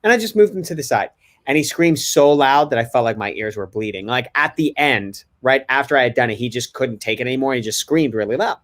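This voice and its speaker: A man's voice: mid-range voice, brisk, fairly bright tone. A man co-hosting a podcast, telling a story about his family in a candid, self-reflective way. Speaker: podcast co-host and father. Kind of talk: casual podcast chat.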